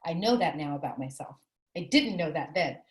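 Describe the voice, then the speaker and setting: Her voice is deep, animated, and a little fast as this author speaks as an interview guest. She shares a personal story earnestly and reflectively in a candid conversation picked up with room echo.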